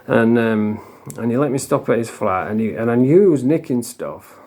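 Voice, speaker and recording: A man's voice: medium pitch, expressive, normal speed, a little mellow. A middle-aged man tells blunt, rambling stories casually to camera, swearing a lot and restarting his sentences. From England. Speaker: recovering addict sharing stories.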